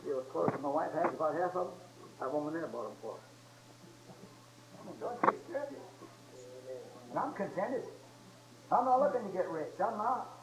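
A man in his seventies preaching a sermon in a folksy, joking way, telling stories and building up to loud exhortation. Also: a little high, lively intonation, fairly quick, very noisy. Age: 70s.

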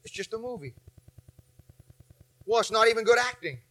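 A man in his forties preaching a sermon, telling a story with animated swings from shouts to low asides. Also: normal speed. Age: 40s. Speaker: pastor.

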